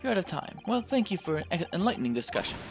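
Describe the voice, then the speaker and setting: A man's voice: high-pitched, sing-song, very fast, creaky, over music, pitched above the performer's own voice, exaggerated voice. A man voicing a composed aristocratic British lord in a game let's play, speaking formally with a British accent. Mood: stern. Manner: formal, clipped, stately.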